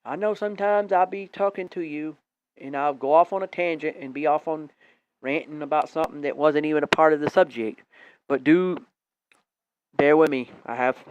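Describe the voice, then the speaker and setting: A man hosting a live online radio stream, rambling and exhorting listeners in a preachy rant. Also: on the high side. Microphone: tablet microphone. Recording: dull lo-fi tablet stream.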